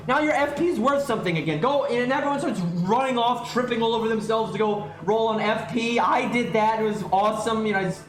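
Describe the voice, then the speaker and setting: A man's voice: very high-pitched, fairly quick, hardly any pauses, roomy sound. A man streaming live, ranting in exasperation about a game, swearing and restarting his sentences as he goes.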